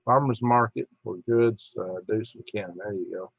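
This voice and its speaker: A man's voice: on the low side, moderate pace, creaky, no echo, muffled recording. A middle-aged man hosting a casual live stream, reading viewer comments aloud in a chatty, tired way. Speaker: livestream host.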